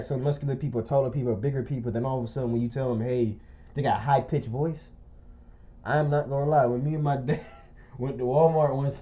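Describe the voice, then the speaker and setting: A man telling a rambling, animated story in casual chat, acting out quotes and often laughing. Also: mid-range voice, muffled recording.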